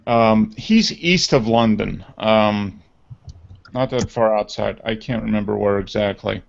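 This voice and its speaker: A man's voice: on the low side, a little slow, gravelly. A man co-hosting a casual podcast chat, easygoing and agreeable. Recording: lo-fi call audio with noise.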